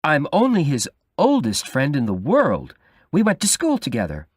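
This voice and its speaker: A soft-voiced, unsettling madman voiced by a man reading the story slides his words in with sly, insinuating charm. The pitch swings widely as he teases. It is recorded close and dry. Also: wildly swooping pitch, moderate pace, husky, no room sound, heavily acted.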